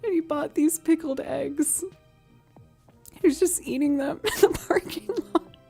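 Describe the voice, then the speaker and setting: Woman musician on a home stream; casual, animated storyteller who laughs easily, goes soft and cooing with her pet. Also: high-pitched, measured pace, creaky, faint music behind. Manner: animated, laughing often while telling stories. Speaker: musician livestreamer.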